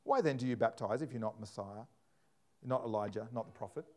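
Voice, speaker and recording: A man preaching a sermon, animated, acting out scripture in different voices. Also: mid-range voice, a little fast.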